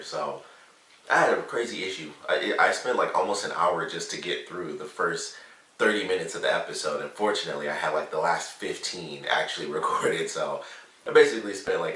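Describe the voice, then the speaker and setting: Male reviewer, low and bright, casual rambling delivery, off-mic in a roomy space. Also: far from the mic. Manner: rambling, many "like" and "you know" fillers. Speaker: TV episode reviewer. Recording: echoey room, mic set back.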